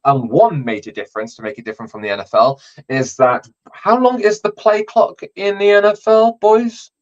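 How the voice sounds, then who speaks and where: A man's voice: high-pitched, steady tone, normal speed. A man hosting a casual sports podcast, explaining rules with lots of ums and likes. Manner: explains rules with many fillers. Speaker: podcast host. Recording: slightly dull lo-fi audio.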